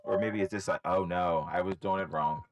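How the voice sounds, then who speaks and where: A man's voice: sits low, brisk, highs cut off, background noise. A man hosting a live trading stream from home, thinking aloud in casual, rambling commentary. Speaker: livestream trading host. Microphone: desk microphone, wearing headphones.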